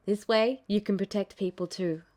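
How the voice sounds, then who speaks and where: A woman's voice: medium pitch, fairly even intonation, moderate pace, dark tone, lightly acted. A woman reading the lines of a cheerful, joking young male swordsman in a breezy, teasing way for a fan-fiction audiobook.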